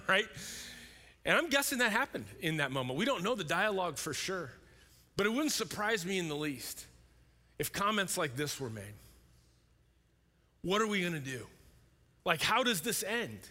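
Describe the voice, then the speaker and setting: A male pastor preaching a sermon in a conversational, animated way, sometimes acting out voices. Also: on the high side. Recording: long hall reverb.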